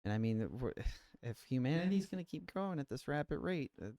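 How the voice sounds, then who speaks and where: A man's voice: mid-range voice, very animated, fairly quick, a little mellow. A young man hosting a casual podcast, laid-back and filling his talk with "like" and "dude". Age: young adult. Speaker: podcast host. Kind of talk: casual chat. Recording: roomy echo from the mic.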